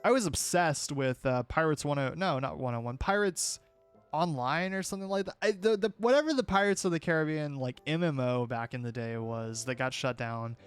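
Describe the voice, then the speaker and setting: A man's voice: a little high, clean tone, soft background music. Opinionated young man chatting with stream viewers. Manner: rambling, opinionated, quick restarts. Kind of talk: casual chat with viewers.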